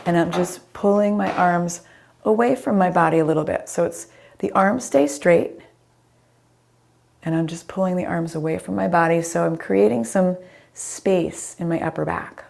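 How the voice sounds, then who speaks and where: Chair yoga teacher, woman, middle-aged, low gravelly voice, slightly scratchy, calm cueing over video call. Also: moderate pace. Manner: calm guiding cues, names students as she goes. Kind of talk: live online yoga class instruction.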